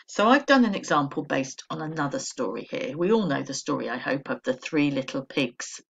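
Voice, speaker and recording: Gravelly English woman teaching a lesson. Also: deep voice, expressive, normal speed, fairly bright tone, muffled recording. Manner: clear, patient, instructive. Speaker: primary school teacher. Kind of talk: recorded remote lesson.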